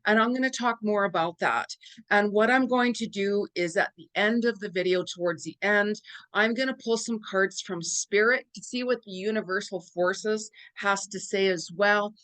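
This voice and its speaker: A woman's voice: mid-range voice, normal speed, fairly bright tone. Chatty woman psychic vlogging. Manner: chatty, repeats words for emphasis, asks the viewers rhetorical questions; laughs often between remarks. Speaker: psychic medium and astrology vlogger. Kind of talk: casual talk to camera.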